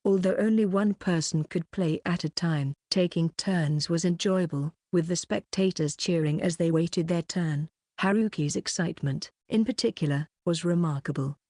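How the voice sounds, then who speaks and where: A woman reads a novel aloud in a calm, measured way. Her voice sits low, and the recording is dry and close with no room sound. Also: dry recording. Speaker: audiobook narrator. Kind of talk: scripted narration.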